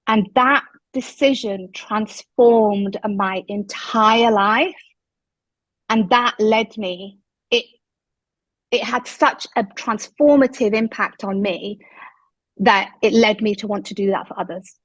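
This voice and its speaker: A woman, a guest telling her story in an interview, emphatic and lively when she quotes what people said. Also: mid-range voice, takes it slowly, no echo, poor audio. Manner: animated, emphatic retelling with quoted dialogue.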